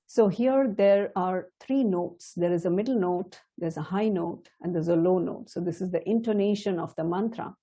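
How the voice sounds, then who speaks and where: A middle-aged woman teaching a chant, explaining slowly and carefully, now and then laughing softly. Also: lowish voice, breathy edge. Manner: slow, measured and explanatory, with soft laughs. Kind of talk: spoken lesson with chanted demonstrations.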